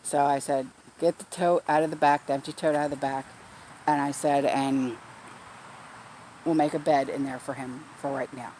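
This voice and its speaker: A woman's voice: sits low, fairly even intonation, normal speed, dark tone, slight background noise. A woman vlogger telling a story in a casual, blunt way, swearing freely, recorded outdoors in her backyard garden.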